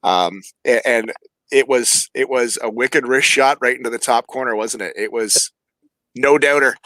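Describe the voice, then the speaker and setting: A man's voice: mid-range voice, normal speed, sharp tone, no echo. A man hosting a casual podcast interview, enthusiastic and admiring of his guest. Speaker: podcast host.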